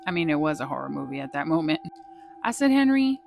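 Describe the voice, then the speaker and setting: A woman vlogger casually telling a ghost story, swearing freely in a lively, dramatic way. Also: low-pitched, fast, gravelly, music in the background.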